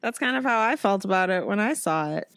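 A woman's voice: medium pitch, lively intonation, a little fast, a bit bright, dry recording. A young woman co-hosting a podcast, joking and laughing often in casual chat, speaking from outdoors. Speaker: podcast co-host. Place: outdoors in a noisy city.

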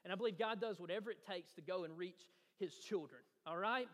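High-voiced pastor preaching in a hall. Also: male voice, a little fast, fairly bright tone. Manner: storytelling, rising to eager emphasis. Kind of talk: sermon. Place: church sanctuary. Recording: church hall reverb.

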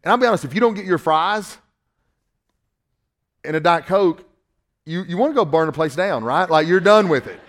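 A man with a Southern accent from Northwest Georgia, preaching a sermon in a folksy, animated, joking way. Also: a little high, normal speed, long pauses. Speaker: pastor.

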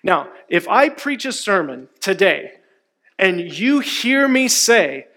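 A man's voice: high-pitched, sing-song, takes it slowly, sharp tone. A man preaching a sermon, emphatic and asking his congregation questions. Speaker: pastor.

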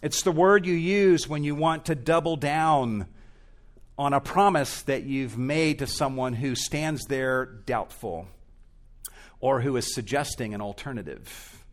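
A man's voice: mid-range voice, unhurried. A male pastor preaching an expository sermon in a church, earnest and emphatic, rising and falling in intensity.

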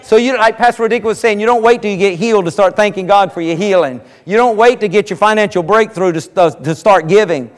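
A man's voice: sits high, fast talker, hardly any pauses. A man preaching a sermon as pastor, with an emphatic, repetitive preaching cadence. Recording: long reverb of a large hall.

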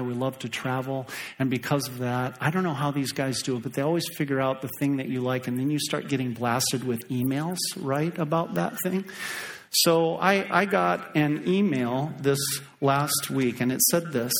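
A middle-aged man preaching a sermon as pastor, animated and acting out voices for emphasis. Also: medium pitch, moderate pace, a little hiss or hum.

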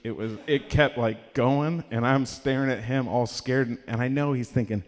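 A man's voice: medium pitch, normal speed, few pauses, big-room sound. A man doing a live stand-up set, telling a rambling story full of fillers and laughing at his own jokes. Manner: rambling storyteller, filler-heavy, cracks himself up. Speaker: stand-up comedian. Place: live comedy showcase venue.

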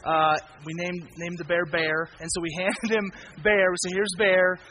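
Bright-voiced young male pastor preaching. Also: high-pitched, normal speed, slight background noise, rough recording. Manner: lively storytelling with sudden loud and quiet turns. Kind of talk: sermon.

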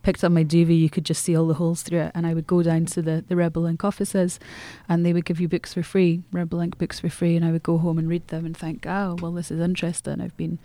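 An author reflects in an interview, talking earnestly with many restarts and fillers. The voice is mellow and fairly flat in pitch. The recording is dry and close. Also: fast, hardly any pauses, no echo.

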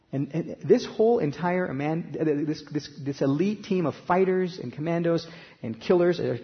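A man preaching a sermon in a conversational way, growing louder when he reads scripture aloud. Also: on the high side, in a large hall, lo-fi sound. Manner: conversational preaching, rising loud for scripture quotes. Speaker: pastor.

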